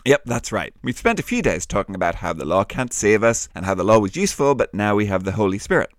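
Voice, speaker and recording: A man hosting a children's Bible podcast, with a warm, teacherly and lively way of talking. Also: lowish voice, fast, no echo, clean studio sound. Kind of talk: friendly kids' Bible podcast.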